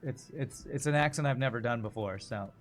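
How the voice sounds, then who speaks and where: A man's voice: medium pitch, fairly quick, faint music behind. A man streaming a card game, chatting casually and thinking aloud about his moves. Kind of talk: casual gameplay commentary.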